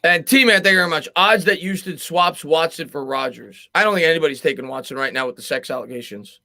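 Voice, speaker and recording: A man with a bright, forceful voice and a slightly raised pitch hosts a live football talk show. He reads viewer comments aloud and answers them in quick, emphatic bursts, stuttering and repeating words as he presses his point. The sound is dry and close. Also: dry recording. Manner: fast, emphatic, repeats words when arguing. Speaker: sports podcast host. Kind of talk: live sports chat reading viewer comments.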